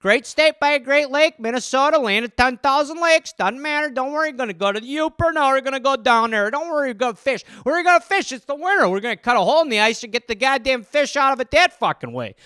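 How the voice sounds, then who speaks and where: A man doing a rowdy Minnesota ice-fishing guy, pitched high above his own voice. He talks loud and brash, swearing freely. The tone comes out bright and clean. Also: big pitch swings, fast talker, hardly any pauses, clear, resonant tone, no echo, clean studio sound, exaggerated voice.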